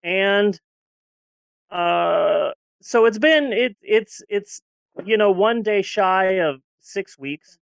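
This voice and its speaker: A woman's voice: mid-range voice, lively intonation, drawn-out words, gravelly, no room sound. Candid woman in her forties, dry sound. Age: 40s. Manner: candid, rambling, with frequent restarts. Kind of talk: casual podcast chat.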